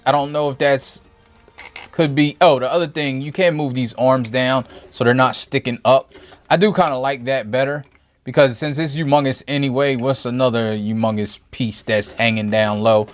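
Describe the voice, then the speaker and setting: A man giving a casual toy review from his home review table, rambling and thinking aloud with frequent self-corrections. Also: medium pitch.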